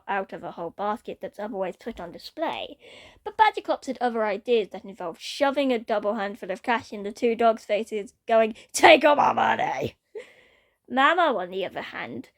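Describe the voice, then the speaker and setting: A woman reading a fan-written story aloud in an expressive way. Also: a little high.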